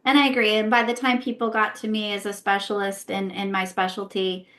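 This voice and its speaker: A woman guest on a podcast walks through her thinking in a relaxed, conversational way. She keeps checking in with "right?" and asks herself rhetorical questions as she explains. She speaks at a middle pitch. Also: brisk. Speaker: guest, intuitive healer and former therapist.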